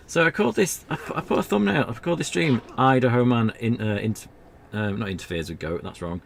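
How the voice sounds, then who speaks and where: A man's voice: medium pitch, lively intonation, brisk, vocal fry, slight background noise. A man streaming an old adventure game, chatting casually in a rambling, self-deprecating way. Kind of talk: casual gameplay commentary.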